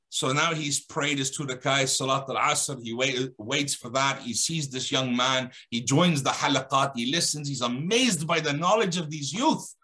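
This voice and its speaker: Bright-voiced man telling a story. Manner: dramatic, acts out dialogue with shifting pitch. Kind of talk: animated religious storytelling.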